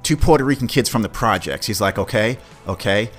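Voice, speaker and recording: A middle-aged man, hosting a podcast and telling a story from his childhood in a casual, animated way, swearing freely. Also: on the low side, a little fast. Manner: animated, swears, acts out quoted voices. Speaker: podcast host. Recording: faint music behind.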